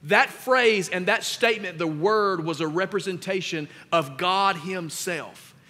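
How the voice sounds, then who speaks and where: High, bright-voiced preaching pastor. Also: male voice, a little slow, big-room sound. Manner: emphatic preaching, swells louder on scripture. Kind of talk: sermon. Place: church sanctuary.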